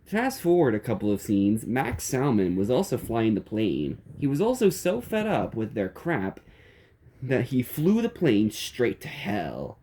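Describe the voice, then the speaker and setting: A man's voice: medium pitch, huge pitch swings, unhurried, dark tone. A man narrating a silly comedic story in a playful, chuckling way.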